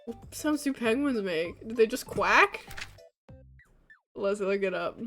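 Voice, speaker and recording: A young woman streaming a game, chatting casually and breaking into loud laughing shrieks. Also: fairly high pitch, animated, slow, soft background music. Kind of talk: casual gaming stream chat.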